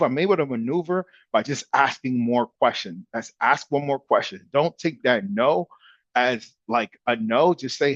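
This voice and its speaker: A man giving a casual, energetic real estate training talk in a punchy coaching manner. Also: medium pitch, a little slow, dry recording. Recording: dull dry sound.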